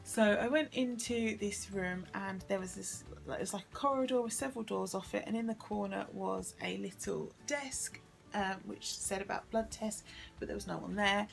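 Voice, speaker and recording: A tired woman talks through a hard day in a vlog. Her voice has a rough, creaky texture. She sighs and corrects herself as she recounts it, and soft music sits behind her. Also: mid-range voice, moderate pace. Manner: weary, emotional recounting with sighs and self-correction. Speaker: vlogger. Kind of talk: tearful personal storytelling vlog.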